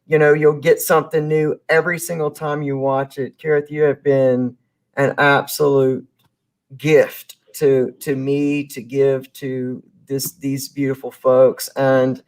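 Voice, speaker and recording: An effusive, encouraging podcast host wraps up a live show by speaking straight to the audience over a video call. The voice is middling in pitch, unhurried, and delivered flatly.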